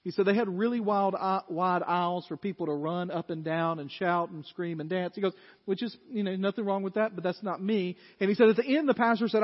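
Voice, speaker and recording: A high-pitched male preacher with a lilt delivers a dynamic sermon. He climbs to forceful peaks, then drops to hushed asides. The sound is dull and carries a long church-hall reverb. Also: brisk. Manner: dynamic preaching, swinging from loud emphatic peaks to low quiet asides. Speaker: pastor. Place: church sanctuary.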